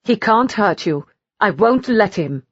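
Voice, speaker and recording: A woman voicing a fiery, righteous noblewoman in an audiobook, speaking in a sharp, commanding way. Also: medium pitch, expressive, measured pace, husky, dry recording, dull audio, pitched above the performer's own voice. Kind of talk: audiobook character reading.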